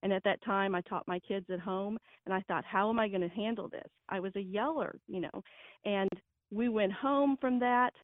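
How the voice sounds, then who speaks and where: A woman's voice: medium pitch, steady tone, moderate pace, dry recording. Woman on a tinny phone line. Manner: earnest, emphatic advice-giving. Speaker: parenting guest. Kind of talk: radio interview.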